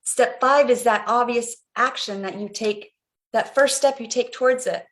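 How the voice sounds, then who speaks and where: A woman's voice: on the high side, normal speed, a bit bright. A middle-aged woman coaching viewers on a live stream, guiding them through a visualization in an earnest, repetitive way. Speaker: life coach.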